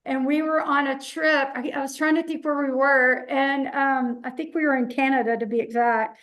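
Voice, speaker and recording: A woman's voice: high-pitched, level tone, moderate pace, few pauses, fairly bright tone, low-quality recording. A woman on a panel telling a personal story in a candid, conversational way. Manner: candid, conversational, repetitive restarts.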